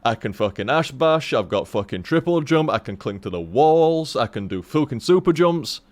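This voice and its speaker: A man's voice: mid-range voice, moderate pace, no echo. A man streaming a game, rambling casually to his chat, with lots of swearing. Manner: rambling, heavy swearing, animated.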